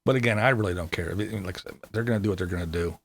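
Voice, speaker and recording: A man's voice: low voice, racing, slightly rough. A man hosting a casual livestream, reading viewer comments aloud in a laid-back way and chuckling often. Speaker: livestream host.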